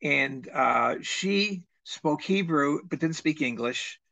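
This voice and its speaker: Bright, rambling male storyteller. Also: a little high, slow pace, vocal fry, no room sound. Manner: rambling, restarts, animated when quoting. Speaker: trivia game player. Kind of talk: casual chat storytelling.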